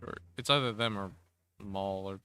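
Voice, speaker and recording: A man's voice: on the low side, normal speed, bright, forceful tone, clean tone, no echo. A man answering trivia on a casual podcast, laid-back and swearing casually. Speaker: podcast co-host answering quiz questions. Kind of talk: casual chat.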